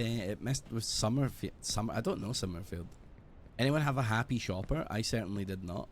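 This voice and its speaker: A British man streaming a game, chatting casually in a rambling, sweary, animated way. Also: on the low side, a little fast, a little hiss or hum. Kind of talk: casual gaming stream chat.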